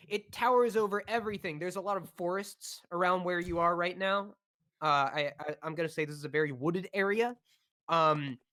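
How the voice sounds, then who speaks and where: A man runs a tabletop game, describing the scene in a bright, forward voice. He narrates haltingly, stopping often on fillers and restarting his phrases. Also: on the high side. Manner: hesitant, many fillers and restarts. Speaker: dungeon master.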